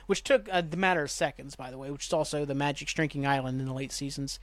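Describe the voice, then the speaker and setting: A man with a somewhat high voice talks through a TV episode on his podcast in a loose, rambling way. He swears freely and grumbles about plot holes. The sound is dry and close. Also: fairly even intonation, fast, few pauses, fairly bright tone, no echo. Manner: rambling, profane, exasperated griping. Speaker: podcast host. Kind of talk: casual TV episode recap.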